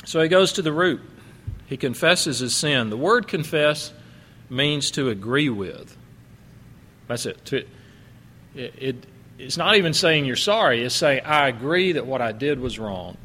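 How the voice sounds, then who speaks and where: Pastor preaching in a reverberant church. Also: male voice, mid-range voice, animated, unhurried, sharp tone. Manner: conversational, laughing asides, quoting others in changed voices. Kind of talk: sermon. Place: church sanctuary. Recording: long reverb of a church hall.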